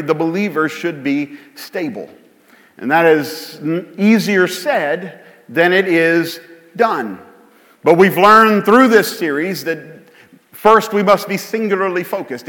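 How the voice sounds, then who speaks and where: A man's voice: high voice, a bit bright. A man preaching a sermon as pastor, conversational and joking at his own expense. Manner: conversational preaching with self-deprecating humor. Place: church sanctuary. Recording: long hall reverb.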